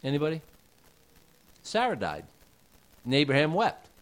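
Male preacher, casual sermon, folksy asides, slightly higher voice. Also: huge pitch swings, moderate pace. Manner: conversational, rhetorical questions, folksy asides.

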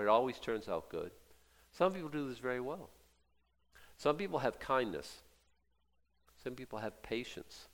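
A middle-aged male pastor with a mid-range voice preaches an animated, emphatic sermon. He drops to hushed asides and then rises into loud bursts.

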